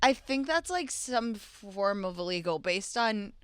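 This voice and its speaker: Woman host, lively bright voice, frank and expressive, smooth and clear. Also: medium pitch, unhurried, dry recording, clean studio sound. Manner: expressive, frank, reacting with disgust. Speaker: podcast host. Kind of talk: advice podcast chat.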